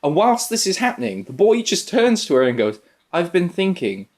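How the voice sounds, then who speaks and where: A young man from the UK chats about a film on a podcast, laughing often as he retells scenes. His voice sits somewhat high for a man, lively and amused. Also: fairly quick. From United Kingdom. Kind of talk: casual chat.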